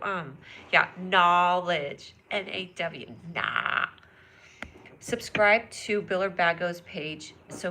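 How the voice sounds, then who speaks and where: A woman's voice: lowish voice, bright, forceful tone, slight background noise. A woman hosting a casual phone live stream, bubbly and giggly, chatting with viewers and reading their comments aloud. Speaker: livestream host. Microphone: phone camera.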